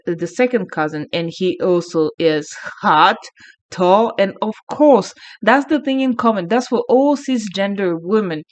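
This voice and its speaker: A woman vlogger chatting casually, frank, crude and rambling. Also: medium pitch. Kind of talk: casual unscripted chat. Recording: muffled lo-fi sound.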